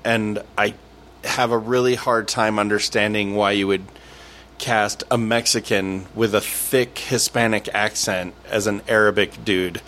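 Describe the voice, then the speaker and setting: A man co-hosting a podcast, talking casually about movies in a chatty way with halting restarts. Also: lowish voice, fairly even intonation, fairly bright tone, a little hiss or hum. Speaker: podcast co-host. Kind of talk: casual movie review chat.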